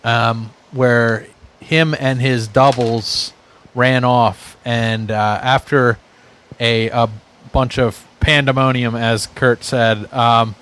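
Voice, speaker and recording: Slow, halting man recapping. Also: mid-range voice, steady tone, fairly bright tone, smooth. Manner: halting, lots of fillers. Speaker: player. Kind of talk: recapping a game session.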